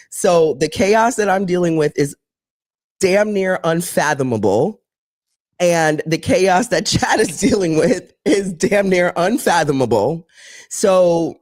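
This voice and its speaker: A woman's voice: sits low, no room sound, studio quality. A woman co-hosting a live show, talking in a rambling, candid way and swearing freely. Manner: animated storyteller who acts out voices. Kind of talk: casual live-show chat.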